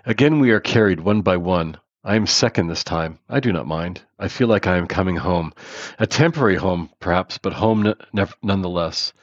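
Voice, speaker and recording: A man reading a first-person story aloud in a measured, earnest way, sometimes restarting a word. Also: low voice, dry recording, lo-fi sound. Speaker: narrator.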